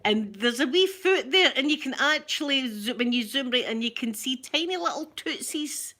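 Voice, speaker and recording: A middle-aged Scottish woman hosting a casual livestream chat, excitedly gushing and greeting viewers by name. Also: sits high, moderate pace. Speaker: ASMR livestream host.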